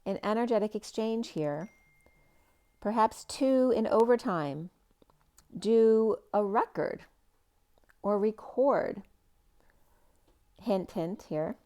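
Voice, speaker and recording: Reading tarot cards for spiritual insight, this woman rambles and free-associates, using plenty of fillers, letting phrases fade away, and at times stretching words out slowly. Her voice is mid-range, expressive, and mellow.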